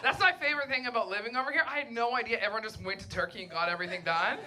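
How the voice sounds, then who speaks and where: On a comedy club stage, a young woman performs a crude, brash stand-up set with deadpan delivery and mocking voices while the audience laughs behind her. Her voice is a little high and rapid-fire, against a noisy background.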